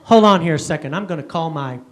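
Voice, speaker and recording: A man's voice: a little high, fast talker, background noise. A middle-aged man doing stand-up, telling a self-mocking story in a punchy way and often asking "right?". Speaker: comedian and speaker.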